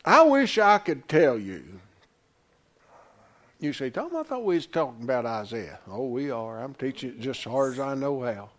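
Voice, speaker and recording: A man preaching a sermon to a congregation in a folksy way, calling listeners honey and swinging between loud declarations and hushed asides. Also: medium pitch, very animated, normal speed. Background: congregation responses.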